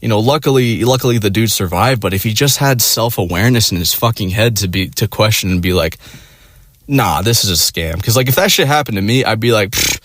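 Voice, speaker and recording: A man's voice: lowish voice, fairly quick. A man telling a story in casual chat, swearing constantly and padding with "like" and "you know," acting out his friends' lines. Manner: profane, rambling, full of "like" and "you know"; animated, acts out friends in quoted voices.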